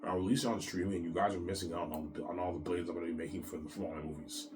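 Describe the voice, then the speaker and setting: A man's voice: deep voice, fairly even intonation, very fast, noisy background. A man hosting his own show, talking in a rambling, boastful and repetitive solo monologue, with a cough now and then. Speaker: show host.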